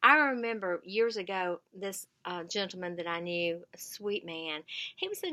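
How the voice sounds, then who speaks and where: Bright-voiced earnest woman. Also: on the low side, animated, normal speed. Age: middle-aged. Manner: earnest, repeats words for emphasis, acts out quoted lines. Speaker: vlogger giving caregiving tips. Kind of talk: casual advice vlog.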